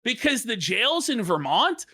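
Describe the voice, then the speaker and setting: A woman's voice: on the high side, big pitch swings, measured pace, bright, forceful tone. A woman hosting a live stream, telling a story in casual commentary, laughing and swearing as she goes. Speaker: streamer host.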